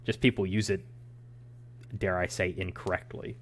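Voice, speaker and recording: Low-voiced man ranting on a podcast. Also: level tone, moderate pace. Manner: rambling, ranting opinions. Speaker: podcast co-host. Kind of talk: casual chat.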